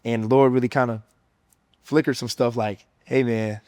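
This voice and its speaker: A man's voice: medium pitch, fairly even intonation, normal speed, a little mellow, no room sound, clean studio sound. A young man in his twenties, a former college football player, shares his faith testimony in a casual, earnest way, full of "man" and "you know.". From United States.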